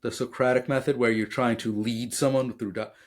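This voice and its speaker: A man co-hosting a casual software podcast who explains by acting out example exchanges and telling jokes. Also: medium pitch, steady tone, fairly quick. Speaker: podcast co-host. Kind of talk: casual conversation about software.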